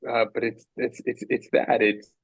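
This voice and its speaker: A man's voice: medium pitch, level tone, normal speed, slightly rough, no echo, rough recording. A man talking as a podcast guest in a reflective, casual way, earnest and rambling, repeating phrases for emphasis.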